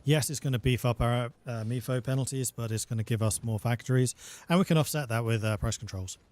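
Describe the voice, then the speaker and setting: Man calmly explaining strategy game mechanics. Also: mid-range voice, brisk. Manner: patient, step-by-step explanations. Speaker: game developer. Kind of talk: explaining gameplay on a livestream.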